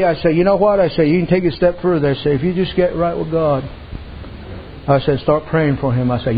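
A man's voice: on the high side, slight background noise. A man preaching a sermon in a folksy storytelling way, often adding "amen" and "I said". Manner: folksy, repeats "amen" and "I said", uses dialect. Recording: dull lo-fi sound.

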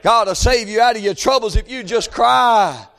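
A man preaching a fervent sermon, often shouting and calling out amen. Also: very high-pitched, moderate pace.

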